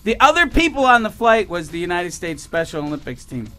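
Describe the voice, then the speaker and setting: A man in his forties telling a comic story as a radio guest, animated and laughing, acting out other voices. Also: high-pitched, a little fast, faint music behind. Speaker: comedian guest. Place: radio studio.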